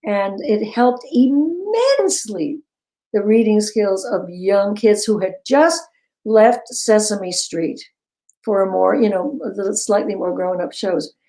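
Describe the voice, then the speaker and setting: An older woman telling stories as an interview guest, animated and quick to laugh. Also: medium pitch, poor audio. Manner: animated storyteller, breaks into laughter. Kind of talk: casual interview chat.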